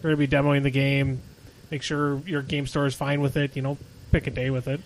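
A man co-hosting a casual podcast who gives steady, plain-spoken advice, with frequent you-knows. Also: mid-range voice, fairly quick, a little hiss or hum, rough recording. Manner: steady, repetitive advice with you know fillers. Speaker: podcast co-host.

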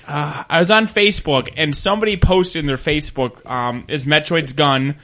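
A man's voice: fairly high pitch, normal speed. A man chatting casually on a podcast with friends, telling jokey trolling stories. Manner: jokey, trolling, animated storyteller. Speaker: podcast host.

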